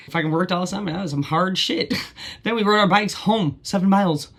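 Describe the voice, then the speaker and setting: Talking a little fast with a fairly bright tone, the podcast host recounts personal memories in an open, conversational manner. The gravelly, mid-pitched voice wanders through frequent "like" fillers and then delivers emphatic points.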